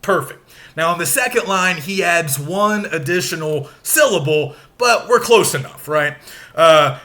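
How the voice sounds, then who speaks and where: Man, teacher, recorded lecture, slow pace, bright tense tone, stresses syllables. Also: on the high side, animated.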